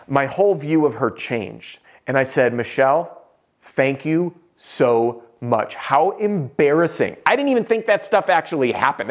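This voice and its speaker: A man working as a sales trainer, telling a story straight to the camera in an animated way, acting out the quoted lines and dropping to a murmur for whispered parts. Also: mid-range voice.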